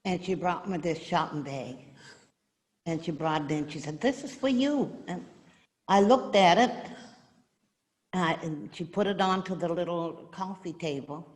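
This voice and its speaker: A woman's voice: fairly low pitch, normal speed, long pauses, in a large hall. An older woman telling a heartfelt, rambling personal story in a casual way. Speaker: gift recipient sharing a story. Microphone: video call audio.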